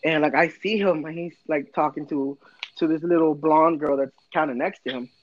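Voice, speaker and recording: A man in his thirties telling a story in casual chat, swearing a lot and talking with animated energy. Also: a little high, moderate pace, highs cut off. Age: 30s.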